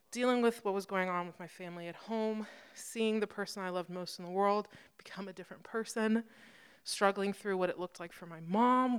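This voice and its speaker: A woman in her twenties sharing a candid personal testimony, self-deprecating and quick to laugh. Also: medium pitch, a bit bright, clean tone. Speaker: speaker at a church youth gathering.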